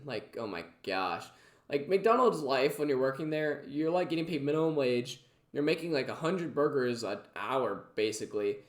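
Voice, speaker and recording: A man's voice: medium pitch, expressive, normal speed, echoey room. A man casually reacting to clips, chatty and full of fillers. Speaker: reaction video host.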